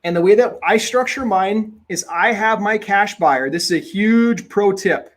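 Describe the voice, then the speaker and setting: A man teaching real estate investing in a webinar, talking in an emphatic, energetic way and repeating his key points. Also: high voice, unhurried. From Minnesota.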